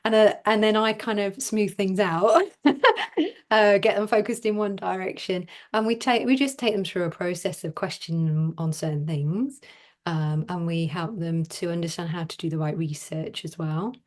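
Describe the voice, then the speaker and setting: Lively, laughing middle-aged woman. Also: fairly low pitch, normal speed. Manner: animated, laughs often. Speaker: business coach for designers. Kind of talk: casual interview conversation.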